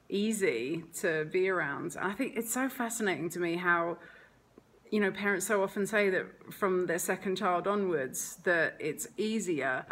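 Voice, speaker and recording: A woman's voice: lowish voice, fairly bright tone, slight background noise. A woman talking casually as a mother in a home vlog, chatty and rambling with lots of "like" and "um". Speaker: mother vlogger.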